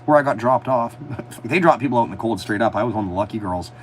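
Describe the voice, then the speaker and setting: A man chatting on a casual livestream from a motorhome, telling animated stories with a lot of swearing and mockery. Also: on the low side, quick pace, slight background noise, poor audio. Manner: animated storytelling, swearing, mocking. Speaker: livestream host. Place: inside a motorhome.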